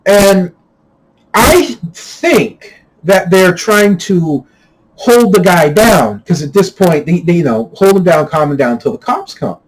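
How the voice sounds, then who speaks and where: A man telling a personal story in a rambling, casual way, stumbling and repeating words, getting louder and more heated at the tense parts. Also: lively intonation, slow, rough recording. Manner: grows louder and higher when retelling heated moments. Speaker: channel host.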